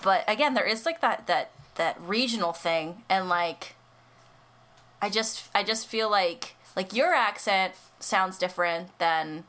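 A woman's voice: medium pitch, unhurried, a bit bright. A young American woman co-hosting a casual podcast, chatty and giggly with lots of fillers and restarts. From United States. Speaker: co-host.

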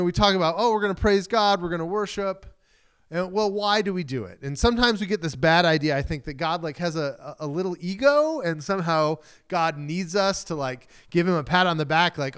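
A pastor giving a sermon in a relaxed, conversational way, with frequent fillers and small acted-out exchanges. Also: male voice, fairly high pitch, clear, resonant tone. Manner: conversational preaching with fillers and acted-out everyday dialogue.

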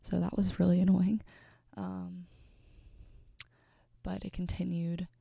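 A young woman in her twenties telling a personal story in an earnest, halting way, with many fillers and restarts, often dropping to a breathy near-whisper. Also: on the low side, flat delivery, dark tone, dry recording, clean studio sound.

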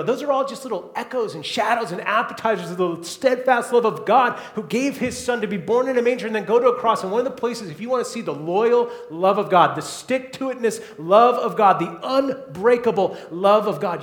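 A man preaching a sermon as pastor, moving between soft, hushed passages and loud, emphatic ones. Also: high-pitched, reverberant.

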